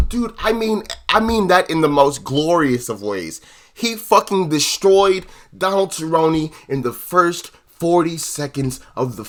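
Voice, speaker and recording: A man ranting to camera about a fight, heated and profane, stumbling over restarts and correcting himself as he goes. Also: fairly high pitch. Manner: heated, profane, shouting at times; wandering restarts and self-corrections. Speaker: MMA commentary channel host.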